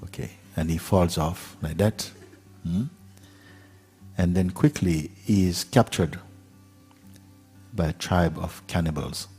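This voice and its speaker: A man giving a spiritual talk, telling a parable in an unhurried, gentle way with pauses and fillers. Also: low voice, faint music behind. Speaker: spiritual teacher.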